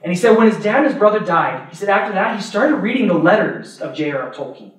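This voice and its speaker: A male priest giving an adult formation talk, lively and often laughing as he tells stories. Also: sits high, fast. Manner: animated, laughs while telling stories. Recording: echoey room, mic far off.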